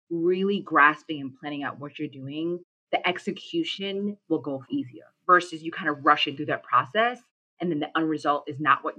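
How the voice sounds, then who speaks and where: A woman guest in an interview, giving advice in a measured, emphatic way. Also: deep voice, pushed and bright, muffled recording. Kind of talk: interview answers.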